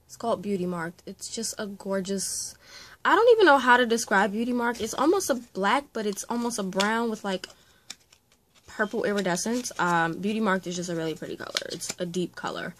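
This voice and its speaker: A young woman, a makeup artist, chatting through a casual unboxing vlog, gushing and often dropping into breathy whispered exclamations. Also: medium pitch, animated, a little fast, a bit bright, a little hiss or hum.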